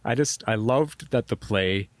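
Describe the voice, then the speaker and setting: A man co-hosting a podcast, talking eagerly and doubling up words as he restarts his sentences. His voice sits fairly low, and the recording is dry and close. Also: unhurried, no room sound. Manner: enthusiastic, repeats words as he restarts. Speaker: podcast co-host. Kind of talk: casual TV recap chat.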